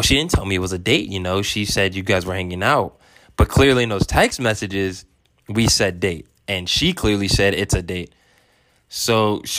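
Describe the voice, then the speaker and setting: A man's voice: low-pitched, fairly bright tone, no echo, clean studio sound. A young man telling a story casually, laid-back and rambling with lots of fillers. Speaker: vlogger.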